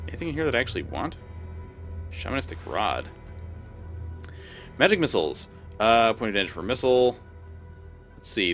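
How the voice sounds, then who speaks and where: A man's voice: mid-range voice, sing-song, normal speed, long pauses, a bit bright, soft background music. A man casually commenting on a game as he plays and reads its text aloud. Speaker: game streamer.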